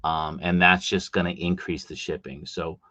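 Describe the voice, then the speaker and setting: A man's voice: low voice, fairly even intonation, normal speed, bright, forceful tone, no echo, lo-fi sound. A man with a Boston accent hosting a casual live stream, rambling through chat comments with plenty of fillers. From Boston, USA.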